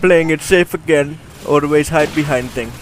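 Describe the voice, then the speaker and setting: A man giving casual, rambling commentary over his own gameplay, excitable and swearing often into a desktop mic. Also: fairly high pitch, moderate pace, a little hiss or hum.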